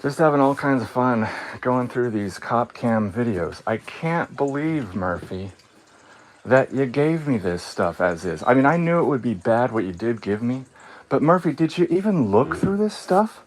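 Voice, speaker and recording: A man talking on his live stream in a casual rant, sarcastic and mocking, often laughing, swinging between calm and heated. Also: medium pitch, measured pace. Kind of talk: casual ranting monologue.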